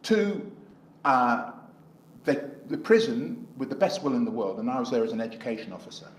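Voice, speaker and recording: A man's voice: mid-range voice, sing-song, normal speed, reverberant, poor audio. A middle-aged man with an English accent, an independent election candidate answering interview questions in a rambling way, acting out dialogue as he tells stories. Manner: rambling, acts out dialogue in anecdotes.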